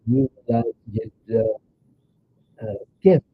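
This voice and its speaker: A man in his nineties with a New York accent, telling rambling stories in a halting way with many filler sounds. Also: mid-range voice, a little hiss or hum. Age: 90s. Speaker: interview guest, grandfather. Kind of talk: casual storytelling chat. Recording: tinny phone-like sound.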